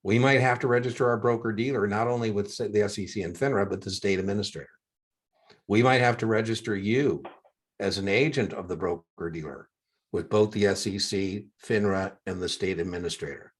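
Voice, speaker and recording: A man's voice: on the low side, fairly even intonation, fairly quick, breathy edge. An older man tutoring one student over a video call for an exam, chatty with joking asides.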